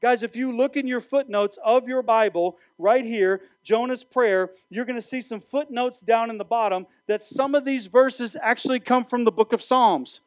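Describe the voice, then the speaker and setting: Youth pastor, male, high-pitched, animated preacher; dry close sound. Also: normal speed, hardly any pauses, dry recording. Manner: animated preaching with direct address. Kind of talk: sermon.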